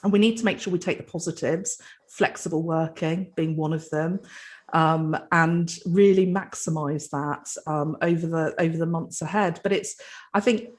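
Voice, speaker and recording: A woman's voice: low-pitched, fairly even intonation, normal speed, darkish tone. A British woman, a health trust chief executive, answering a panel question earnestly and fluently, often restarting her sentences. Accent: British English.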